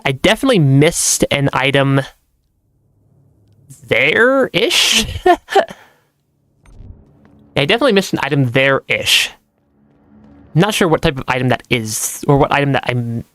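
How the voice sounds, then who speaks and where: A game streamer giving relaxed let's-play commentary, chatty, laughing often and restarting sentences as they go. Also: mid-range voice, measured pace, long pauses, no room sound. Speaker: gaming streamer.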